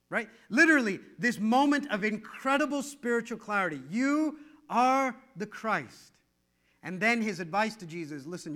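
A man delivering a sermon in a high, ringing voice with a bright edge. He swings from loud, emphatic peaks to hushed, low lines. Now and then he acts out quoted voices in a quick, conversational way. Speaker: pastor.

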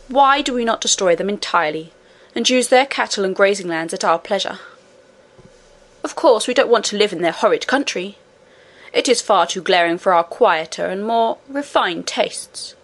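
A woman's voice: medium pitch, a bit bright. A woman voicing a haughty, scornful goblin queen in a storybook reading.

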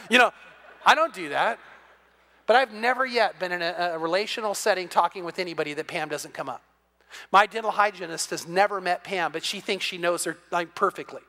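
An older man preaching a sermon as pastor, animated and acting out little conversations, often repeating words as he restarts. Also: high voice, fairly quick. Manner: animated, acts out dialogue in quotes, repeats words when restarting. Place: church sanctuary. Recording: long hall reverb.

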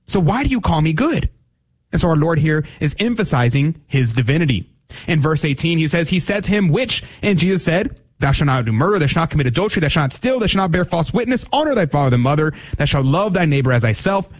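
Man, radio host, earnest gospel commentary, slightly high voice, studio mic. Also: expressive, fast talker. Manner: earnest, preaching, rises in pitch for emphasis.

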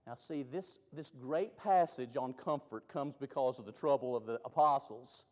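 A man preaching a sermon, moving between loud, rising climaxes and hushed, slow lines. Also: mid-range voice. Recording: long reverb of a large hall.

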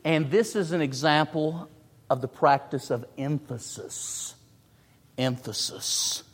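A man's voice: a little high, slow pace, slightly rough. A man preaching a sermon, emphatic, repeating phrases and stressing words in turn. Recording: long hall reverb.

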